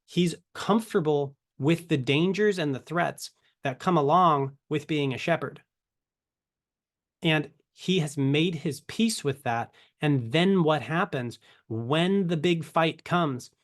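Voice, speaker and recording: Man, ministry teacher, casual scripture talk with rhetorical questions, a bit higher voice. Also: slow. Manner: conversational, rhetorical questions, self-corrections. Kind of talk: casual Bible teaching to camera.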